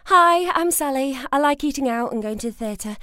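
A woman's voice: sits high, animated, normal speed. A woman voicing a chirpy woman introducing herself on a dating profile.

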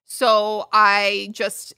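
A woman's voice: mid-range voice, monotone, very slow, sharp tone, clean tone, dry recording, studio quality. A woman co-hosting a podcast in a casual chat, emphatic in how she talks. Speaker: podcast co-host.

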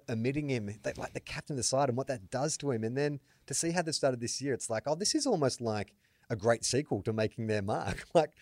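An Australian man co-hosting a sports podcast in casual chat, telling animated stories and acting out quotes. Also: on the low side, no room sound. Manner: animated storyteller, acts out quotes loudly. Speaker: podcast co-host.

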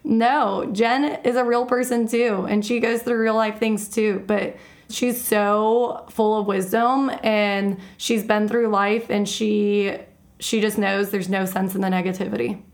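A woman's voice: medium pitch, flat delivery, a little slow. A woman who leads a real estate team, chatting and laughing easily in a casual interview.

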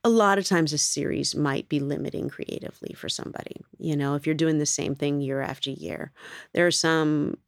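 A woman's voice: low-pitched, steady tone, fairly quick, gravelly, no room sound. A woman, an actress, answering interview questions in a chatty, rambling way and laughing often.

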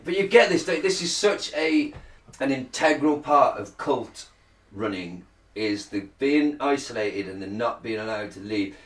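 Rambling, sweary British podcast co-host, lively pitch, mic set back in a roomy space. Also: male voice, a little slow. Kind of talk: casual chat. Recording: roomy sound, distant mic.

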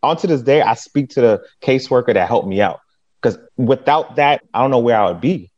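A man from the Boston area recounts his path into real estate in a relaxed interview. He talks with emphatic, animated energy, pushing his voice up high on the punchlines. The sound is dull and slightly lo-fi. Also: brisk. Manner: animated, emphatic storyteller with laughs. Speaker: guest, real estate agent. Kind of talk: casual interview storytelling.

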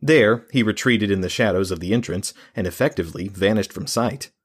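This male audiobook narrator has a very deep, husky voice. He reads a fantasy novel in a measured, steady way, his tone staying calm and level throughout.

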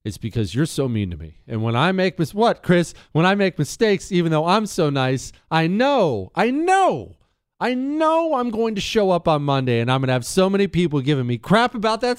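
Animated male talk radio host. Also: high voice, moderate pace, clean tone, no room sound, studio quality. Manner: animated, joking, self-mocking banter.

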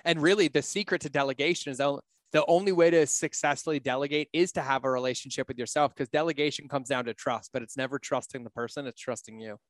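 A man's voice: medium pitch, fairly even intonation, fast, hardly any pauses, dry recording, studio quality. Blunt, candid man on a podcast. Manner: blunt, candid, swears freely. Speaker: podcast guest, business coach. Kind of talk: casual podcast conversation.

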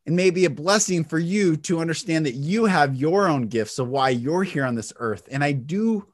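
A middle-aged man hosting an inspirational spiritual talk, earnest and emphatic, swinging his pitch and loudness for effect. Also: animated, moderate pace. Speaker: podcast host and speaker.

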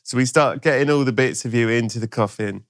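A man's voice: mid-range voice, a little fast. A man hosting a podcast, spinning absurd comic stories and acting out voices. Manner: playful, spins absurd scenarios, acts out voices. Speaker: podcast host. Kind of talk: comic improvised storytelling.

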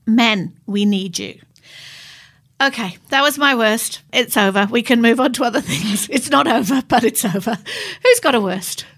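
Bright, impassioned woman. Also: a little high, normal speed. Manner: impassioned, emphatic. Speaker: podcast co-host. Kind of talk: casual podcast chat.

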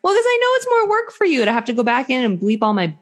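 A young woman co-hosting a podcast, talking in an animated, blunt and joking way. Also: high voice, fast talker. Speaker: podcast co-host. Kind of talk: casual podcast chat.

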